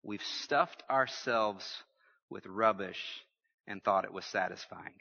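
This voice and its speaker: A man preaching a sermon, lively and humorous, calling out to his congregation. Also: lowish voice, takes it slowly, vocal fry, in a large hall, highs cut off. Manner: lively preaching with humor and audience call-outs. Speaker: pastor.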